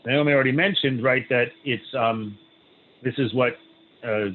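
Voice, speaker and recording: A rabbi who reads a story aloud with pauses, adding "right?" asides and leading a group discussion. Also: male voice, mid-range voice. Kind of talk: reading a story aloud, then opening discussion. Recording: tinny phone-like line, faint hiss.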